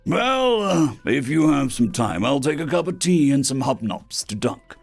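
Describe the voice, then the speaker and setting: Man playing a gruff sarcastic army major. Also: fairly high pitch, big pitch swings, moderate pace, faint music behind, voice pushed up, exaggerated voice. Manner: barking, sarcastic commands. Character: gruff stubborn male human army major.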